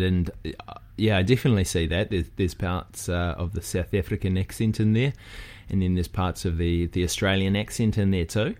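Deep-voiced New Zealand man, chatty. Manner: relaxed, chatty, frequent fillers and restarts. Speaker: guest, physical therapist. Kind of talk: casual podcast conversation.

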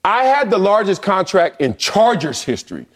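Animated man in sports debate. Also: normal speed. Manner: emphatic, swooping pitch, playful. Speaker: sports debate co-host, former NFL player.

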